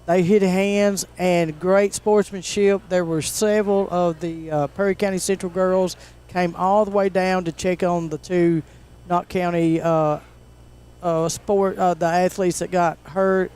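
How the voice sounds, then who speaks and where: A man recaps a high school volleyball game in plain, halting speech. His voice is high and very clear. Fillers break up his sentences. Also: level tone, a little mellow. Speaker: sports co-commentator. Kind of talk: local high school sports commentary.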